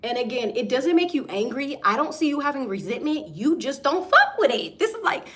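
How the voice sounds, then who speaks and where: Young woman tarot reader, casual and emphatic, slangy delivery, slightly high pitch. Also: very animated, fairly quick, a bit bright. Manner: slangy, emphatic, keeps asking "okay?". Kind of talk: casual tarot reading to viewers.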